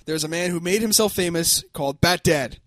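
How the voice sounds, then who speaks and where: High-voiced man laughing through casual chat. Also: fairly quick, a bit bright, dry recording. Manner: laughs often, swears freely. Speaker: podcast co-host.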